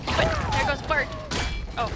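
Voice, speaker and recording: A woman streaming a video game and giving casual commentary, excitable and giggly, playfully trash-talking her opponents. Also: measured pace, very noisy. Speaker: gaming streamer. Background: game music.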